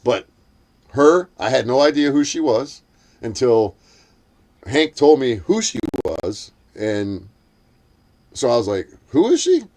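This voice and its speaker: Guy ranting and cussing nonstop, mid pitch, gets worked up telling his side. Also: slow, long pauses, a little mellow, a little hiss or hum. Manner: heated storytelling, swears constantly; acts out quotes in a shrill voice. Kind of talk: profane casual chat.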